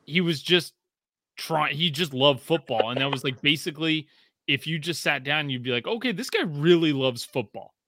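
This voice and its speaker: A man's voice: a little high, normal speed, no echo, clean studio sound. A man in casual chat, rambling and profane, full of fillers and restarts, voicing quotes as he tells stories. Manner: animated storytelling with voiced quotes.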